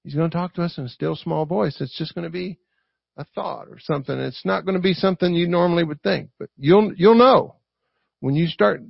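A man with a Southern US accent preaching a lively sermon, acting out quotes and asking the congregation for responses. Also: on the high side, a little fast, gravelly, no room sound. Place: church. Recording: dry, dull lo-fi recording.

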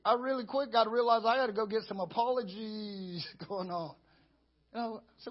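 A man preaching a lively sermon as pastor, chuckling and acting out how he talks to himself. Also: high-pitched, normal speed, muffled recording.

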